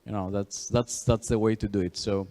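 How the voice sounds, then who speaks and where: A man's voice: fairly low pitch, fairly even intonation, normal speed, warm tone. Brief: Greek-accented male conference speaker, filler-heavy delivery, reverberant hall. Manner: frequent "you know" fillers, restarts. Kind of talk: tech conference talk.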